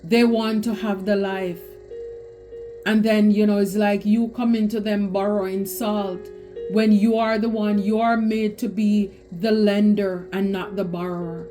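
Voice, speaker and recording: A woman's voice: mid-range voice, steady tone, a little slow, dark tone, faint music behind. A woman giving a spiritual tarot reading, talking emphatically and repeating phrases for stress. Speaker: tarot reader.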